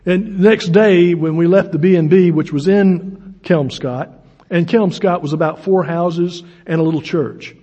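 A man's voice: sits high, unhurried, mellow. A man, preaching a sermon in a folksy storytelling way, with self-deprecating humor. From United States. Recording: dull lo-fi recording.

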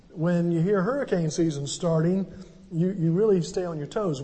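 A man's voice: on the high side, dark tone, in a large hall. An older man, a pastor, preaching a sermon and telling stories with conversational asides. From southern United States. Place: church sanctuary.

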